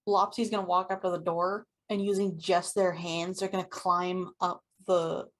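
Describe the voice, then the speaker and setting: A woman's voice: fairly low pitch, flat delivery, normal speed. A woman player in a tabletop game, describing her character's actions in the third person.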